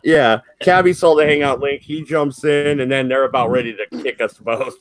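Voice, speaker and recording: A man's voice: medium pitch, moderate pace. Hesitant man telling a story. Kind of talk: casual chat.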